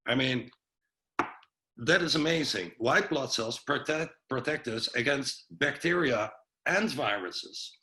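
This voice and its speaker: A man's voice: medium pitch, lively intonation, takes it slowly, bright, forceful tone, poor audio. A man giving an informal health presentation on a video call, loose and chatty with lots of fillers and restarts. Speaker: webinar presenter.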